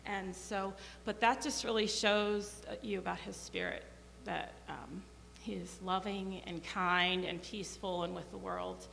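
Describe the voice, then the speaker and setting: A woman speaking at a memorial, halting with many fillers as she gives heartfelt thanks. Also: mid-range voice, vocal fry, fairly bright tone. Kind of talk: memorial speech. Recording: echoey hall with faint hum.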